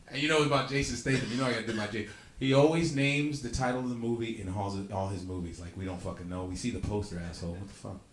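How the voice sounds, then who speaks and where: Profane stand-up comedian in a roomy club. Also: male voice, mid-range voice, fairly bright tone, slight background noise. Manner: profane, conversational, teasing the audience. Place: comedy club with live audience. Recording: roomy club with audience laughter.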